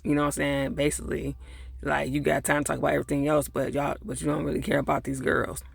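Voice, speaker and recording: A man with a gravelly, fry-edged voice recaps a TV episode in a loose, chatty way, talking straight to his viewers. He acts out the characters' lines as he retells each scene. The sound is dry and close. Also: a little high, monotone, quick pace, no echo. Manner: chatty, loose, full of fillers and asides to viewers; gets heated and louder when annoyed. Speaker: TV episode reviewer. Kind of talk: casual episode recap and review.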